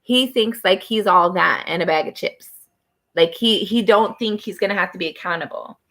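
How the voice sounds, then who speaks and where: A woman's voice: medium pitch, normal speed, fairly bright tone. A woman giving a casual tarot reading to camera, talking in a chatty, rambling way with many fillers. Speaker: tarot reader.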